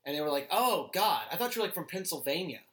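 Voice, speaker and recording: A man's voice: fairly high pitch, sing-song, fast talker, fairly bright tone. A man from Georgia co-hosting a casual podcast chat, telling stories with frequent laughs and swearing. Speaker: podcast co-host.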